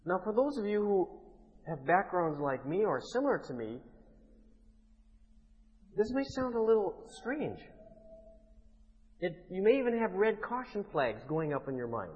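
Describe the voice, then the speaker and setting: Male pastor, high voice, emphatic sermon delivery, muffled recording with long hall reverb. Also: big pitch swings, measured pace, pauses often. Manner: emphatic preaching, rising to forceful declarations.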